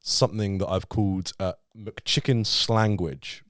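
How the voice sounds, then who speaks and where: A man's voice: fairly low pitch, fairly even intonation, measured pace, fairly bright tone, no room sound, clean studio sound. A man hosting a casual podcast, laughing often, swearing and teasing his guest. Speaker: podcast host.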